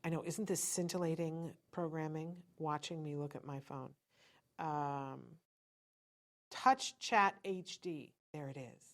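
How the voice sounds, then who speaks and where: A woman's voice: low voice, steady tone, slow pace. A middle-aged woman hosting a live-stream podcast, chatting with viewers in an encouraging way. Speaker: podcast host.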